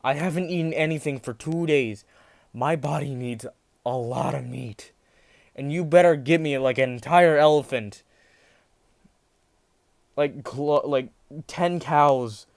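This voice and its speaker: A man's voice: a little high, a little slow, gravelly, long pauses, no echo, studio quality. A man voicing a hungry, stubborn teenage boy hero in a raised, insistent voice. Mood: demanding.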